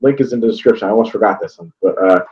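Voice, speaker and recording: Talking very fast in a lowish, dark voice, a young Ohio man from the northeast rambles through a casual game chat as a sports vlogger. He restarts often and swears without holding back, all captured in dull lo-fi audio.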